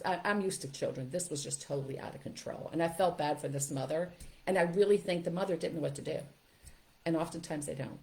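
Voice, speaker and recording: An older woman, a parenting educator, talking in a casual, chatty way during a live question-and-answer session. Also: fairly low pitch. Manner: chatty, animated, laughs often. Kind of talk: live webinar Q&A.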